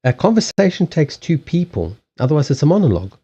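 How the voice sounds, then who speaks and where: A man hosting a casual livestream chat, blunt and animated, swearing freely and acting out quoted lines. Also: fairly high pitch, fast talker, slightly rough, dull audio. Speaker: livestream host.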